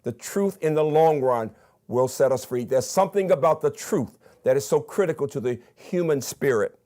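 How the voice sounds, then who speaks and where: A man's voice: on the high side, lively intonation, moderate pace, warm tone. An older man from Birmingham with a Southern accent, giving a recorded commencement address to graduates in an emphatic, enthusiastic way and counting off his points. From Birmingham, Alabama. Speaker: commencement speaker, university president.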